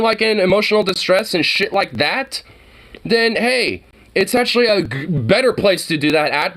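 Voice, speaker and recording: Pitched high and fairly bright, this male vlogger rants at the camera in a heated, wandering monologue. He curses nonstop and plugs every gap with "you know" and "like."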